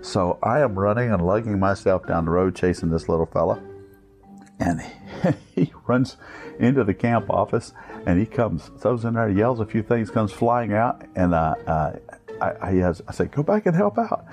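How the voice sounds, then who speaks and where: A man telling a funny scouting story, animated and chuckling, acting out other people in high-pitched voices. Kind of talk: storytelling anecdote.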